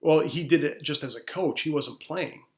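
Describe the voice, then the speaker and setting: A man's voice: fairly high pitch, normal speed. A man co-hosting a podcast in a casual sports debate, earnest and often restarting words as he makes a point. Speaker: podcast co-host.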